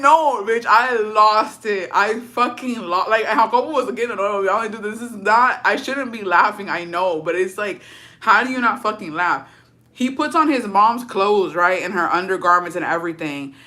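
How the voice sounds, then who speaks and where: A woman's voice: mid-range voice, sharp tone. A woman streamer in casual chat with viewers, telling a story in slang full of swearing and laughter, dropping in words.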